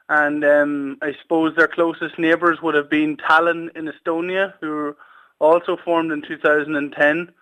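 Guy on the phone, keen and chatty, lots of ums, bright flat delivery. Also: fairly high pitch, low-quality recording. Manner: enthusiastic, many filler words. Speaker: sports official guest. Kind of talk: phone interview. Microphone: phone line.

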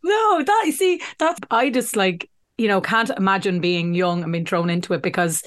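A woman with an Irish accent hosting a podcast, chatty and quick to laugh. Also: medium pitch, expressive. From Ireland. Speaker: podcast host. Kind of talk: casual podcast interview.

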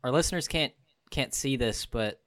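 A man's voice: medium pitch, normal speed, fairly bright tone, no echo. A young man trading casual banter as a podcast co-host. He hesitates and restarts often, in a mid-range voice heard dry and close.

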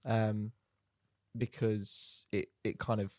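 A man in a casual film discussion, speaking in a measured, thoughtful way. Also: fairly low pitch, level tone, darkish tone, no echo, studio quality.

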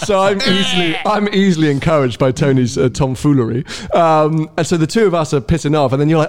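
Guy rambling on a car podcast, voice a bit high, keeps restarting. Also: expressive, brisk, hardly any pauses. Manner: chatty, rambling, stammers on restarts. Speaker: podcast co-host. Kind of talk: casual car podcast chat.

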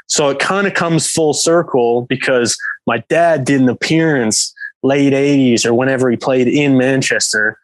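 A man's voice: mid-range voice, normal speed, hardly any pauses, no room sound, poor audio. Man rambling through a casual story. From England. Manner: rambling, many fillers like "like". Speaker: guest, professional hockey player.

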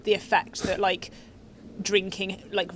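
A young woman talks casually on a podcast, laughing easily and swearing in passing. Her pitch sits in the middle, and a faint hiss lies under the recording. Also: flat delivery, a little slow. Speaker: podcast guest. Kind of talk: casual chat.

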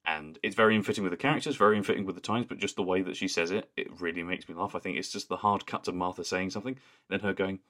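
A man's voice: deep voice, fairly even intonation, racing, hardly any pauses, a bit bright. A man co-hosting a podcast in casual chat, rambling and amused, often laughing. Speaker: podcast co-host.

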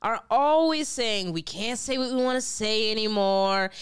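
A young woman hosting a podcast, telling stories in a casual, animated way. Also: fairly high pitch, normal speed, smooth. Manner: animated storytelling with laughs. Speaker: podcast host. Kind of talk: casual chat.

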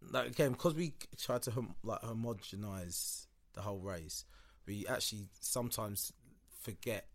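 Casting: low-voiced british guy in loose podcast chat, lots of ums, acts out quotes. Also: normal speed. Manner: relaxed, lots of fillers, acts out quoted exchanges. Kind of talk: casual discussion.

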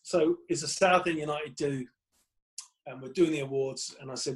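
A man, a guest comedian telling animated stories in casual chat and acting out quotes with laughs. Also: fairly high pitch, a little fast.

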